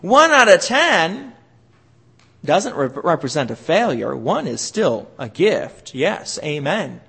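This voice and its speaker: A man delivers a sermon with a high, bright and forceful voice. His pitch leaps up and down as he stresses words for effect, giving the preaching a lively, dramatic sway. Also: slow, creaky, husky. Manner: emphatic preaching with dramatic swings in emphasis. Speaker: pastor.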